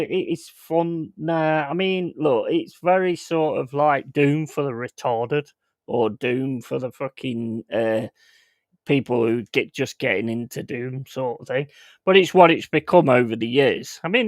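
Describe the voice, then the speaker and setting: A man's voice: on the high side, measured pace, no echo. A man hosting a casual livestream, talking bluntly and with plenty of swearing. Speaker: streamer host. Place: home.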